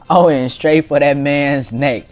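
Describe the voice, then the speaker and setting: Laughing as he goes, a young gaming-channel host spins a relaxed, slang-filled story while he plays. He talks slowly and animatedly in a voice on the high side.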